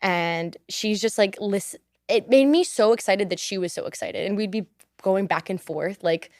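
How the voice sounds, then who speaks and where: A woman's voice: medium pitch, normal speed, no room sound. A young woman with an American accent, a singer chatting casually as a studio podcast guest, who laughs often. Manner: chatty, laughs often, repeats thank you. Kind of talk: casual interview chat.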